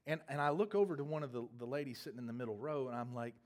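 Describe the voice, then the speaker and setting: A man's voice: medium pitch, rapid-fire. Rambling, jokey male pastor telling a story. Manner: rambling, humorous, self-correcting storyteller. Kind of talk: storytelling sermon.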